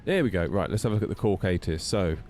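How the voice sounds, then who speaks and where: A man chatting casually while streaming a flight sim at home, voice jumping high when he gets indignant. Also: quick pace, a little mellow, faint music behind. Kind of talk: casual live-stream chat.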